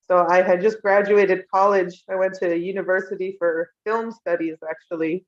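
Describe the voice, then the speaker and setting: Young woman telling heartfelt memories, soft laughs, kinda dull lo-fi audio. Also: on the low side, steady tone, normal speed, hardly any pauses. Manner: emotional, tender, laughs often. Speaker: interviewee. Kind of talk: recounting personal memories. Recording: dull lo-fi sound.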